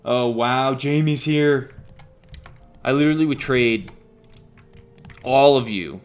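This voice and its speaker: A man's voice: mid-range voice, slow, clean tone, soft background music. A young man with a Liverpool accent chatting casually and teasingly while building in a game, swearing freely.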